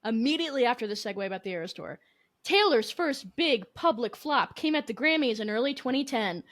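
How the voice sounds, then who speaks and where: A woman's voice: a little high, animated, fairly quick, fairly bright tone. A young woman co-hosting a casual podcast chat, ranting in exasperated disbelief. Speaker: podcast co-host.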